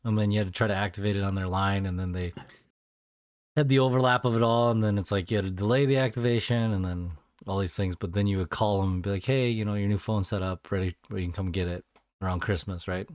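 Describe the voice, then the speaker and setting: A man hosting a podcast in relaxed, rambling casual chat. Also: lowish voice, quick pace, dry recording.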